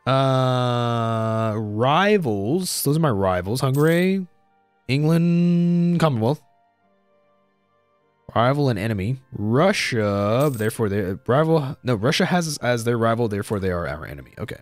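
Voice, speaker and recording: A young man talks through his strategy game in a loose, thinking-aloud way, his pitch swinging up and down as he goes. He repeats himself and drops in casual slang. The sound is close and dry on a desk microphone, with faint music underneath. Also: lively intonation, unhurried, no echo. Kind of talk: casual let's-play commentary.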